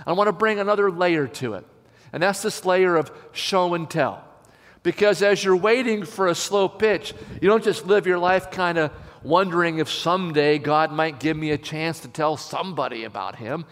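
A man preaching a sermon as a pastor, emphatic and slowing down to stress key phrases. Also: on the high side, a bit bright. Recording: long hall reverb.

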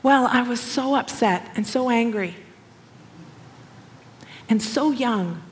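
A woman preaching to an audience in an animated, expressive storytelling style, acting out quotes. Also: fairly high pitch, slow pace, in a large hall, a little hiss or hum. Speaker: speaker, former missionary. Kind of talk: sermon storytelling.

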